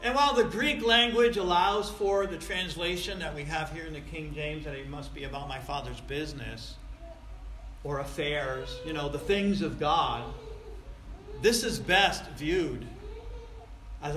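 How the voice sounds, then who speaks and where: Man, pastor, sermon, high bright voice, emphatic, echoey room. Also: measured pace, a little hiss or hum. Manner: emphatic preaching with big swings in loudness.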